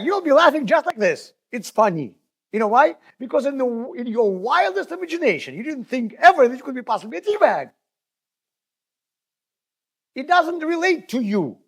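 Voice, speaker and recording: A rabbi with a very high-pitched, husky voice gives a spoken Torah lesson. He teaches conversationally through stories, addresses his listeners directly and often restarts his words.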